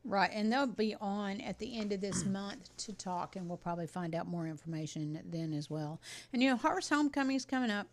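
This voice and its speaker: A woman's voice: mid-range voice, expressive. Chatty, upbeat woman co-host. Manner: chatty and upbeat, quick asides. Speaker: co-host of a local TV talk show. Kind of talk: casual chat reading community announcements.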